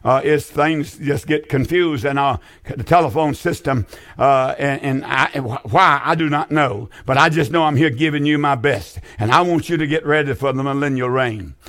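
A man's voice: mid-range voice, moderate pace, a bit bright. An older man hosting a call-in Bible radio show, earnest and folksy, often repeating his phrases for emphasis.

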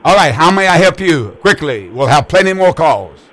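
A middle-aged pastor hosts a call-in radio show in a fervent, repetitive preaching cadence. His voice sits a little high for a man. The sound is dry and close, with no room around it. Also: big pitch swings, moderate pace, fairly bright tone, no room sound.

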